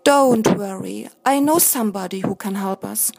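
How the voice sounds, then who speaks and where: A woman voicing a kind, small male pumpkin ghost in a storybook, speaking gently and reassuringly. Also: medium pitch, moderate pace, gravelly, noisy background, natural voice.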